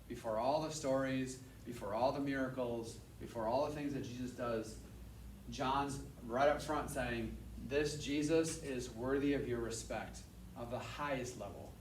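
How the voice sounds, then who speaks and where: Energetic man teaching in an echoey room. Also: medium pitch, slight background noise. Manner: energetic, repeats points for emphasis. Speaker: Bible teacher. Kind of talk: casual Bible lesson to a class. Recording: echoey room, mic at a distance.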